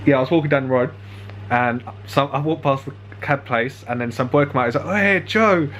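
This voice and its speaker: A man's voice: mid-range voice, steady tone, brisk, slight background noise. A young man telling a rambling story casually, laughing often and swearing freely. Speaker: vlogger.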